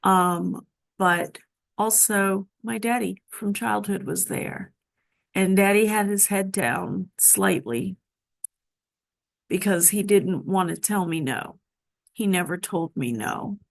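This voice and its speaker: Slow gravelly woman telling her story. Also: medium pitch. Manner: emotional, dramatic retelling with voiced quotes. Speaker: guest. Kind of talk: personal storytelling.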